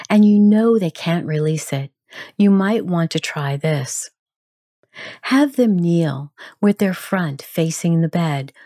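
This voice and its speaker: A woman narrating a grief support guide in a calm, measured, gentle instructional manner. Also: on the low side, no room sound, clean studio sound.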